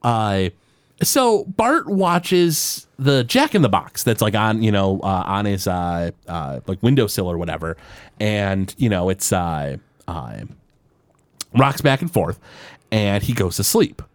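A man co-hosting a podcast, casually retelling a cartoon episode in a loose, animated way with lots of fillers. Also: fairly low pitch, no room sound. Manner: animated, loose retelling with many fillers and quick put-on quotes. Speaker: podcast co-host.

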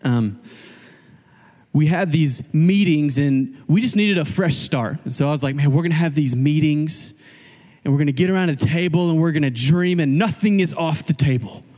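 A male pastor preaching a sermon in a casual, animated way, acting out quoted voices as he goes. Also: a little high, normal speed, in a large hall.

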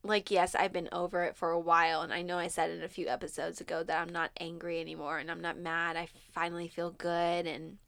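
A young woman, co-hosting a podcast, who talks openly, laughs often and grows animated when retelling events. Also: fairly low pitch, a little fast, vocal fry, hardly any pauses, dry recording, clean studio sound. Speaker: podcast co-host. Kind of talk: candid conversation.

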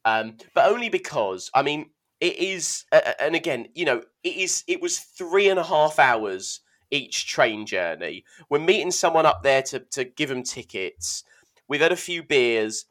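A young man co-hosting a casual podcast chat, telling animated, self-mocking stories and stumbling over his words. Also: on the high side, measured pace. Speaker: podcast co-host.

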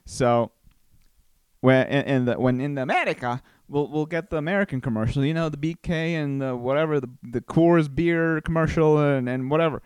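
A man's voice: on the high side, normal speed, darkish tone, smooth, no room sound, studio quality. A man from Costa Rica hosting a casual solo podcast, telling rambling stories with many restarts. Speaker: podcast host.

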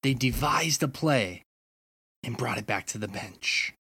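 This podcast co-host teases the others in casual chat and reads out a comedy sports skit, delivering it slowly and teasingly. The voice is medium-pitched and husky, with lively intonation and a sharp tone, recorded with no room sound.

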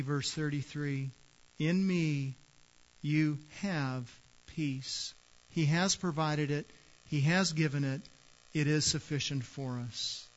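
Male pastor, high-pitched, emphatic sermon delivery with repeated words; dull lo-fi sound. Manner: builds to loud emphatic peaks, repeats words.

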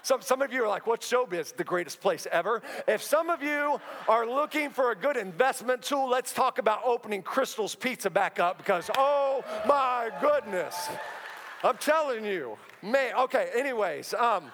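Man, 30s, pastor, high voice, joking conversational sermon, long echoing church hall. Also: expressive, a bit bright. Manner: humorous, conversational storytelling with quick asides. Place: church auditorium. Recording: long reverb of a large hall.

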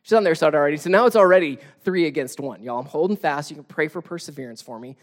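A man's voice: a little high, quick pace. A man in his thirties preaching a conversational sermon as a pastor, telling stories with casual, self-deprecating humor.

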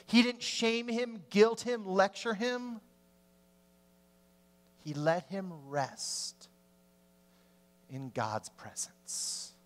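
A man preaching a sermon as a pastor, telling the story with animation and swinging from loud to hushed. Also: high-pitched, expressive, extremely slow, long pauses.

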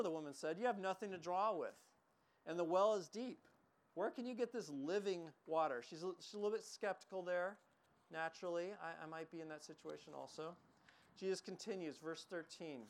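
Male pastor, expressive sermon delivery, dramatic scripture reading, chatty asides. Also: a little high. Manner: expressive preaching, reads scripture slowly with emphasis, quick asides.

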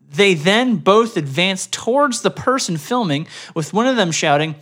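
Bright-voiced man co-hosting a podcast. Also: animated, normal speed, hardly any pauses. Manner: bursts into loud high put-on chants and quotes, trails off quietly. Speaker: podcast co-host reading news stories. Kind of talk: casual podcast banter.

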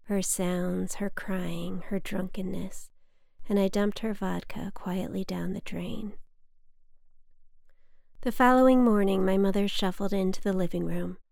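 A young adult woman reading her personal essay aloud in a hushed, often whispered, intimate way. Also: medium pitch, steady tone, measured pace, vocal fry, no echo, clean studio sound. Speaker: narrator of her own memoir.

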